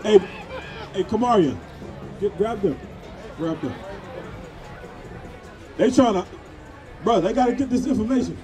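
A man street preaching outdoors at a parade. He presses passers-by with repeated questions and sometimes shouts. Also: sits high, animated, unhurried, long pauses. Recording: outdoor street noise, crowd and music. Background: parade crowd and music.

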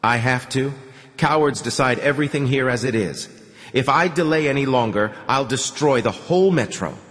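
A man's voice: mid-range voice, moderate pace, fairly bright tone, in a large hall, voice pushed up, close to an everyday voice. Hunter, a man voicing a grim curt fighter. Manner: curt, snapping. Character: grim hardened man with shaved head, curt.

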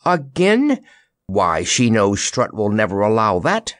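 A man's voice: medium pitch, big pitch swings, a little slow, no room sound, clean studio sound, voice pushed up. A man voicing a spirited, teasing young queen in a storybook reading. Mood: lively teasing.

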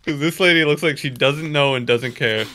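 A man's voice: a little high, bright, forceful tone, slight background noise. A young man hosting a podcast, telling rambling stories in casual chat and laughing often. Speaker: podcast host.

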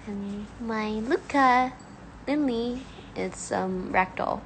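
A young woman co-hosting a casual livestream chat from home on a phone, giggling often and pausing with fillers. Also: fairly high pitch, slight background noise. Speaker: livestream co-host.

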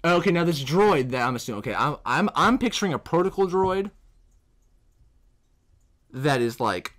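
A man's voice: fairly high pitch, lively intonation, normal speed, a bit bright. Profane, rambling young man brainstorming. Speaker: podcast co-host. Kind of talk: casual chat.

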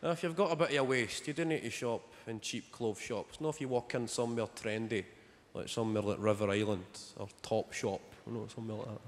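On stage in a large theatre, a young man delivers a stand-up comedy routine full of dry, sardonic storytelling to a live audience whose laughter rings out loudly. He speaks fairly quickly, in a fairly low voice.

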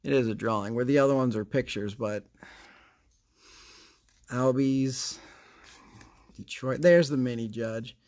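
A man's voice: medium pitch, measured pace, pauses often, a little mellow. A man hosting a casual card-opening vlog, chatty and rambling, with a sarcastic streak. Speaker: card collecting channel host.

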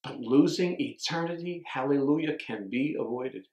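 A man's voice: medium pitch, moderate pace, darkish tone, reverberant, low-quality recording. A man preaching a sermon as a pastor, stumbling over repeated words and restarting his sentences as he reads scripture aloud.

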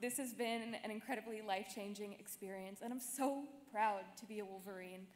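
A woman's voice: medium pitch, fairly even intonation, brisk, a little mellow. A young woman, a graduating student, giving a short, upbeat and earnest speech of thanks at a podium microphone. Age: young adult. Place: large hall at a ceremony. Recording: reverberant hall, faint noise.

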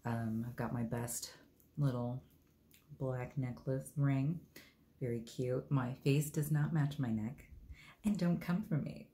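A man's voice: mid-range voice, slow, dark tone. A man casually reviewing his favorite bath products, rambling with many ums and uhs and tossing in joking asides. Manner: laid-back, joking asides.

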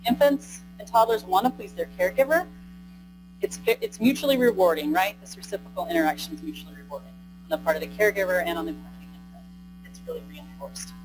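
A woman with a medium-pitched voice talks fast against a noisy background while giving a live training lecture in a conference room. She is conversational, keeps saying "right?" after points, and asks the audience questions.

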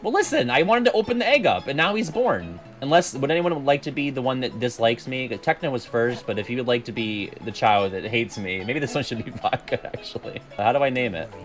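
A game streamer talks through his play at a brisk clip with few pauses, soft music playing underneath. His medium-pitched voice is animated and profane, and he often laughs at himself.

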